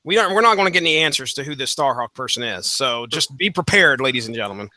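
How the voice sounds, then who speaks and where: A man's voice: medium pitch, expressive, quick pace, pushed and bright, dry recording. A man hosting a comics podcast, talking in a laid-back, casual way. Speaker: podcast host.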